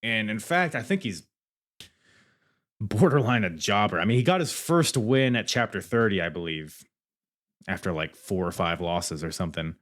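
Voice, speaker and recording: A man's voice: on the low side, animated, normal speed, fairly bright tone. A man hosting a podcast, chatting casually and enthusiastically, laughing and swearing as he talks through wrestling matches. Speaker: podcast host.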